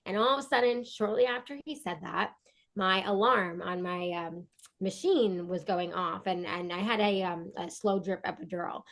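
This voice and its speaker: A woman guest on a podcast, a breathwork coach, telling a personal story in an earnest, animated way with many restarts. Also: medium pitch, normal speed, creaky. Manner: earnest, animated, acts out quoted dialogue.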